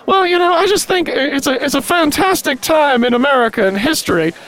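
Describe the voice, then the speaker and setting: A man's voice: very high-pitched, fairly quick, a bit bright, rough recording. A man playing a sarcastic, argumentative female news co-anchor in an improvised comedy newscast.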